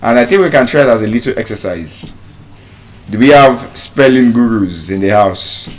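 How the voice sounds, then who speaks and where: A Nigerian-accented man with a medium-pitched, expressive voice teaches pronunciation live to an audience. He works deliberately, repeating each word slowly to drill it.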